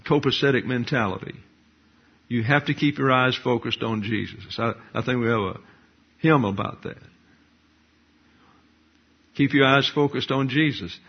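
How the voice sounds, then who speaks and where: An older pastor delivers a teaching sermon in a measured, explanatory way, often posing rhetorical questions. His husky voice sits at an average pitch, and the recording sounds dull and lo-fi.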